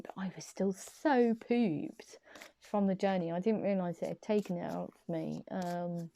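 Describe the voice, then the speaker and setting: A woman with a lowish voice and dark tone gives a casual, chatty tarot reading, rambling enthusiastically and giggling often. She's filmed in a small room at her parents' home on a camera set on a small desk tripod.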